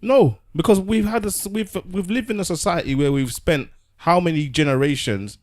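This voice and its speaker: A man's voice: fairly high pitch, normal speed. A man, a podcast co-host making an earnest argument in casual discussion. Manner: earnest, argumentative, restarts words.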